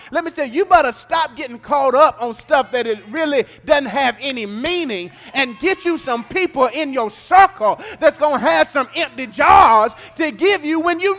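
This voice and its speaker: A man with a Southern US accent preaching a sermon, swinging between hushed asides and shouted calls to the congregation. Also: very high voice. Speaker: pastor. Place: church sanctuary. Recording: church hall reverb.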